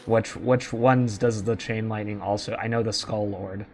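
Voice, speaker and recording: A man's voice: lowish voice, fairly even intonation, moderate pace, a little mellow. A man running a tabletop game as game master, who describes the action playfully and often laughs.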